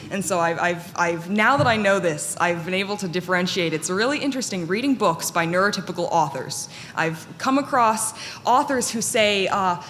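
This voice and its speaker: Woman, conference panel talk, candid and self-deprecating, lowish pitch, long hall reverb, faint room noise. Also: a bit bright. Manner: candid, self-deprecating, with frequent fillers and restarts. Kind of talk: personal talk to an audience.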